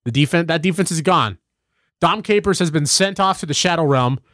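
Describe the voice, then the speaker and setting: A young man with a slightly high voice rambles through sports stories, full of fillers and sudden excited jumps in pitch. His close, dry mic leaves no room sound at all. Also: brisk, dry recording. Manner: animated, rambling storytelling with many fillers. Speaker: podcast co-host. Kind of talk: casual sports chat.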